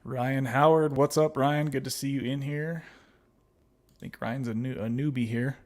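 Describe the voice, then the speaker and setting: A man's voice: medium pitch, fairly even intonation, moderate pace, a little mellow. Laid-back man reading livestream chat. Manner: laughs often, reads chat aloud and replies; friendly, calls viewers babies and buddy. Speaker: livestream host.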